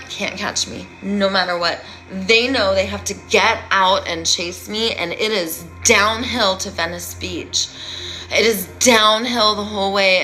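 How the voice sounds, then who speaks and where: A woman who calls herself a healer, giving a rambling, playful and dramatic live-stream monologue that swings between loud and hushed. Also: mid-range voice, low-quality recording.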